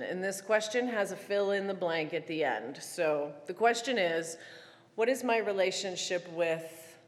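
A woman giving a prepared reflective talk, telling stories in a wry, animated way with dramatic pauses. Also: mid-range voice. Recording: long reverb of a large hall.

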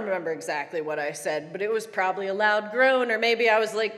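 A woman giving a prepared reflective talk, telling stories in a wry, animated way with dramatic pauses. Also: mid-range voice. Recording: long reverb of a large hall.

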